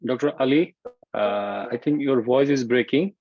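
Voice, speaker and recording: A man's voice: mid-range voice, normal speed, dry recording. A man hosting a casual interview over a video call, speaking plainly and steadily with brief affirmations. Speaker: host. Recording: dry, dull call audio.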